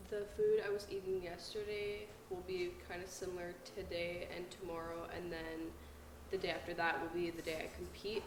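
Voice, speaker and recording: A woman's voice: fairly low pitch, little pitch movement, moderate pace, noisy background. A young adult woman, a powerlifter, chatting casually to camera in a vlog and filling her talk with lots of "like". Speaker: powerlifter vlogger.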